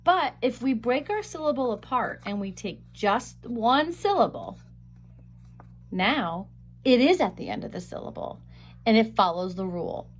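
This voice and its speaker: A woman with a fairly high voice teaches a phonics lesson. She sounds out each word slowly and carefully, stretching the vowel sounds. She is picked up by a webcam mic. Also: sing-song. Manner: slow, careful sounding out of words.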